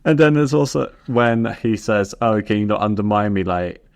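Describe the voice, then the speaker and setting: A man with a lowish voice co-hosting a casual podcast. He giggles often and acts out snatches of dialogue in quick put-on voices as he retells scenes. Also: animated, gravelly. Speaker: podcast co-host. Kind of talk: casual chat recapping a sitcom.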